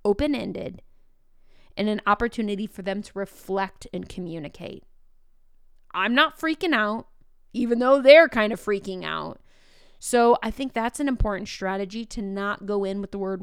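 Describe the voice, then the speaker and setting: A woman's voice: mid-range voice, moderate pace, smooth, no room sound, clean studio sound. A woman teacher talking casually and telling upbeat classroom stories. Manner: upbeat, storytelling. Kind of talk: casual podcast talk.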